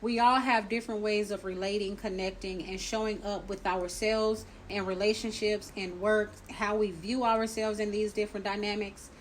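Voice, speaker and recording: A woman's voice: mid-range voice, little pitch movement, normal speed, hardly any pauses, slight background noise, low-quality recording. A woman hosting a faith-based grief podcast, talking reflectively and drawing on her own life. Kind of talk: supportive faith-based counseling talk.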